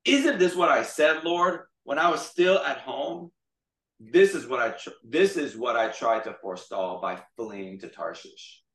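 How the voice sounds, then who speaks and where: A man's voice: a bass voice, normal speed, pitched below the performer's own voice. A male preacher voicing the prophet Jonah as an angry, whiny complainer, heard in an echoey room from a distant mic. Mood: complaining.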